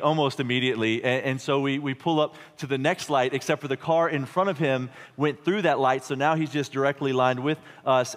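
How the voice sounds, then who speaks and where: A man in his thirties preaching a sermon, telling a story with frequent chuckles and halting restarts. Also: mid-range voice. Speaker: pastor. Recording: long hall reverb.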